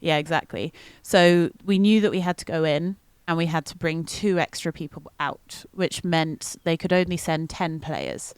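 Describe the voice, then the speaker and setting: A woman's voice: deep voice, steady tone, moderate pace, hardly any pauses, clear, resonant tone, dry recording. A woman co-hosting a podcast, chatting casually and laughing often as she recaps an event with many ums. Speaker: podcast co-host.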